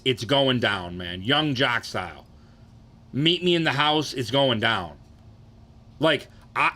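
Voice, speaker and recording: A young man ranks cereals in a rambling, profane, offhand way, getting worked up and restarting his sentences. His mid-range voice is bright and forceful.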